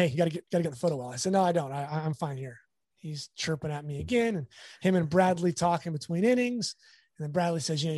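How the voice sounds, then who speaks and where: A man's voice: on the high side, dry recording. A man, a sports photographer, telling stories in a casual interview and acting out the people he quotes. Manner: animated storyteller, acts out quotes.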